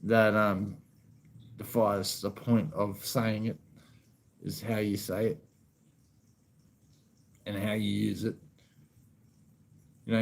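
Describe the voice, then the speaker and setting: A man's voice: on the low side, creaky, rough recording. A man with an Australian accent chatting casually to camera in a laid-back way, swearing freely and saying "you know what I mean" a lot. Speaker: vlogger.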